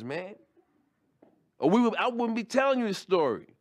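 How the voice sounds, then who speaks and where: A man's voice: high-pitched, sing-song, normal speed. Loose-talking male stand-up storyteller. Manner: loose, conversational, with many restarts and slang. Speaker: stand-up comedian.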